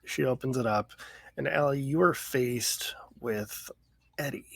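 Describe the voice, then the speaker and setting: Man, game master, slow narration, husky, dry sound. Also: medium pitch, a bit bright, dry recording.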